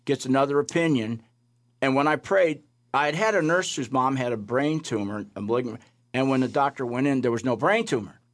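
A man, a chaplain, telling faith-healing testimonies in an animated way, acting out the voices of the people in his stories. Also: medium pitch, brisk. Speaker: chaplain, guest. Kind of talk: storytelling testimony.

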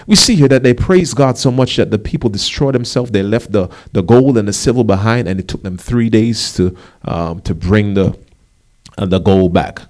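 Male pastor, lowish voice, lively sermon delivery with emphatic rises; for a preaching role. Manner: animated preaching with rising emphasis and asides.

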